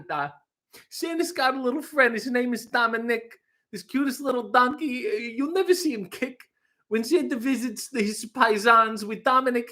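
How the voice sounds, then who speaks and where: A man putting on a high, sing-song movie-star impression while singing a novelty song. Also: sharp tone, heavily acted. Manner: sing-song, bouncy, lots of la-las.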